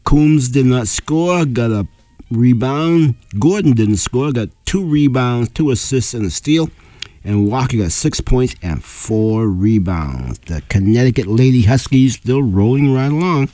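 A male local radio announcer losing his voice, reading sports scores on air in plain, unhurried fashion, clearing his throat now and then. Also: mid-range voice, lively intonation, dark tone, no room sound. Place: radio studio.

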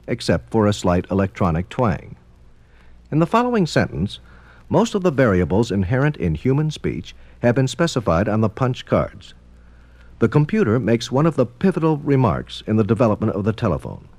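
A man's voice: mid-range voice, sing-song, normal speed, darkish tone, no echo. Formal male documentary narrator. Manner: formal, explanatory. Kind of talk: scripted narration.

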